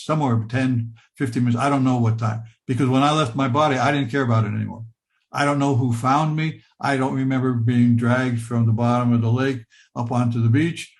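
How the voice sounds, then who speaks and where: Older male speaker, earnest and repetitive, plays out the dialogue. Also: mid-range voice. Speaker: speaker sharing a near-death experience. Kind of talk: personal storytelling talk.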